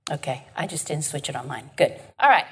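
A woman's voice: deep voice, animated, a little fast, a bit bright, slightly rough. A woman leading an informal Bible class. She talks in a chatty, emphatic way and keeps checking in with her listeners. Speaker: Bible study teacher.

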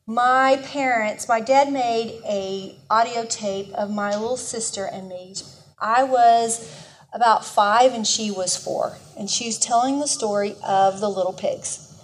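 Woman, Bible study teacher, a bit high-pitched, earnest, conversational, emphatic in personal stories. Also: measured pace, slight background noise. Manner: earnest, conversational, often restarts mid-sentence.

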